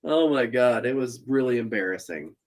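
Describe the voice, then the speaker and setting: A man's voice: mid-range voice, animated, normal speed. A man co-hosting a podcast over a remote call, telling a family story in casual chat and laughing often. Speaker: podcast co-host. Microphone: remote call mic.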